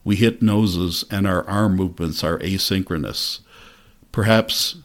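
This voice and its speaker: A man giving measured, reflective first-person narration of a novel for an audiobook. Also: sits low.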